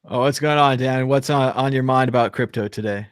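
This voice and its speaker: Man, show host, casual rambling chat, jokey, mid-pitched voice, dry close sound. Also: a little fast, clean tone, no echo. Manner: joking, rambling, laughs often.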